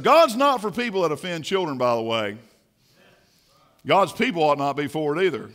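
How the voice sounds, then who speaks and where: Man, pastor, church sermon, high-pitched, bright and forceful, fiery. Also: sing-song, moderate pace. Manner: fiery, swings from quiet asides to shouting. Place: church sanctuary.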